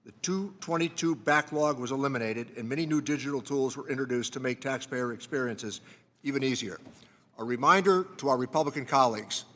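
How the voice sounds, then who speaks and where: A man, the ranking committee member, reading a measured, formal opening statement at a desk microphone in a large hearing room. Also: medium pitch, a bit bright, long reverb tail, a little hiss or hum. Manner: measured, reading prepared remarks.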